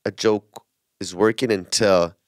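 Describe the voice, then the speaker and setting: A man's voice: fairly low pitch, a little slow, no echo, clean studio sound. A man with an Israeli accent and Hebrew as his first language, co-hosting a podcast in casual chat, often repeating words as he tells stories. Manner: repeats words and restarts, lively storytelling. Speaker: podcast co-host and comedian.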